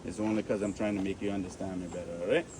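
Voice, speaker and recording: A man's voice: deep voice, racing, far from the mic, a little hiss or hum. Joking Caymanian tour guide man. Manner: joking, lively and animated, with local slang. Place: outdoors on a cave tour.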